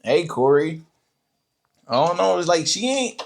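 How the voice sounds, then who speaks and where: A man's voice: on the high side, very animated, a little slow, vocal fry, noisy background. A man streaming a casual reaction to video clips, blunt, profane and joking.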